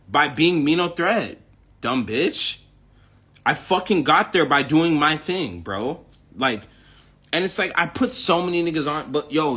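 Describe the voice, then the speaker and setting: A man's voice: fairly high pitch, bright, forceful tone, breathy edge. A young man from the United States, a rapper, in a boastful, profane, confrontational ranting monologue.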